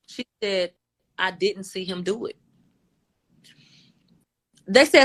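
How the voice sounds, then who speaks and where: A woman's voice: mid-range voice, animated, a little slow, long pauses, a bit bright. A woman on a phone livestream, casually retelling events and quoting each side back and forth. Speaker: livestream commentator. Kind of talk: casual recap of court testimony. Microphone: phone on a live video stream.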